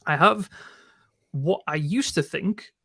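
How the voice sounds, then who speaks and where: A male co-host with a somewhat high-pitched voice chats casually. He stops and restarts his sentences often, with a hesitant, easygoing flow. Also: takes it slowly, a bit bright. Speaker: podcast co-host. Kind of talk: casual chat.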